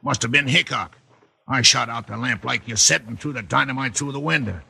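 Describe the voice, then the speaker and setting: A dim-witted, cowering male henchman in a 1950s radio western. He sounds whiny, slow-witted and apologetic, with a gravelly, husky voice. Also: medium pitch, bright, forceful tone, exaggerated voice.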